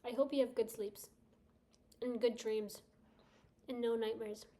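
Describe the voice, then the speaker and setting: A woman's voice: on the high side, steady tone, measured pace, warm tone. A woman livestreamer chatting casually with her viewers, rambling and laughing often.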